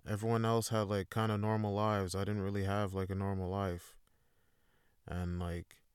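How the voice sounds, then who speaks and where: A man's voice: medium pitch, clear, resonant tone, no room sound, studio quality. A man hosting a solo podcast, talking in a rambling, laid-back way with a lot of swearing. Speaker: podcast host. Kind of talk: casual solo monologue.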